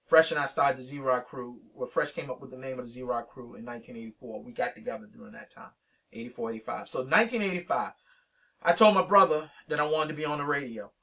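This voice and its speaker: A man's voice: medium pitch, fast, far from the mic. A man, a veteran radio DJ telling stories in an interview, acting out old conversations as he goes. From Richmond, Virginia. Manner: animated storyteller acting out both sides of old conversations. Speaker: veteran hip-hop radio DJ, interview guest. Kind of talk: storytelling in a sit-down interview.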